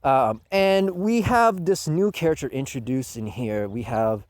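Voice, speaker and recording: A man giving a casual manga review, sarcastic and mocking with rough language. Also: mid-range voice, unhurried, dry recording.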